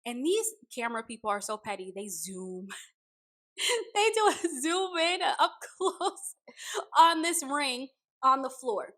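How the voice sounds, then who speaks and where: Give me a high-pitched woman giving a chatty, opinionated recap of a reality show. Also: takes it slowly. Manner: opinionated, animated, laughs often. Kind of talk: casual commentary recap.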